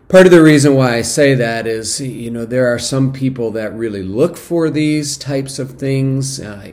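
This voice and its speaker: A man, a pastor, preaching a sermon in a measured teaching manner, pausing on fillers and restarts and lifting his voice when he urges the listeners. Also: medium pitch, a little mellow. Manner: measured teaching with frequent fillers and restarts, rising in emphasis for exhortation.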